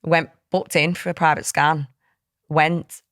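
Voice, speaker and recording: Taking it slowly, a woman with a low-pitched, slightly bright voice and little pitch movement shares a painful personal story as a podcast guest. Her candid interview account is heartfelt and tumbling, full of quoted dialogue, recorded at studio quality without echo.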